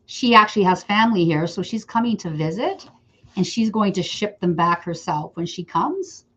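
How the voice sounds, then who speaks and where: A woman's voice: mid-range voice, expressive, normal speed, fairly bright tone, husky. A middle-aged woman from Canada teaching wreath making in a casual live stream, chatting with viewers by name as she works. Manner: chatty, talks to viewers by name while working. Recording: slightly dull lo-fi sound.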